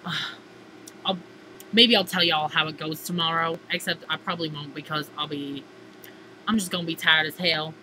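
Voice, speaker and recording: A woman's voice: sits low, steady tone, moderate pace, pushed and bright, slight background noise, poor audio. A teenage girl chatting casually in a diary-style vlog, gushing and theatrical, filling her talk with "like". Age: teens. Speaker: vlogger.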